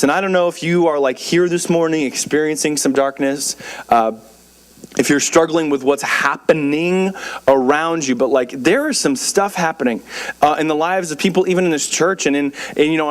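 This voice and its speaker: A young man preaches from a church pulpit in a loose, conversational way. He keeps repeating words and dropping in fillers. His voice sits a little higher than most men's. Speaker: pastor. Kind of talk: sermon.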